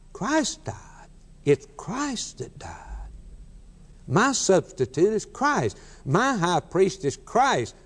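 A man preaching a sermon with emphatic, repeated refrains. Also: high-pitched. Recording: long hall reverb.

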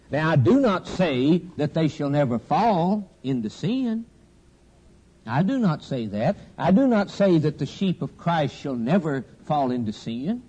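Man preaching in a mellow, husky voice. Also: on the high side, lo-fi sound. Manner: cadenced, repetitive preaching with falling refrains. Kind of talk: sermon.

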